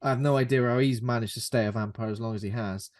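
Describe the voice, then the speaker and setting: A British man co-hosting a podcast, chatting casually about a film and acting out characters in quick jokey bits. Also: medium pitch, fairly even intonation, darkish tone. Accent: British English. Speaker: podcast co-host.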